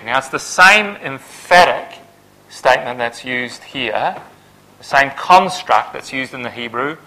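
Guy preaching a bible sermon, bright punchy tone, gets loud and emphatic then drops way down. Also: mid-range voice, lively intonation, a little slow, rough recording.

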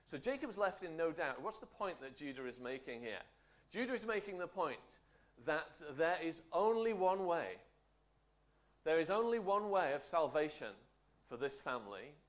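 A man teaching a Bible study in a conversational way, often checking in with tag questions. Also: on the high side.

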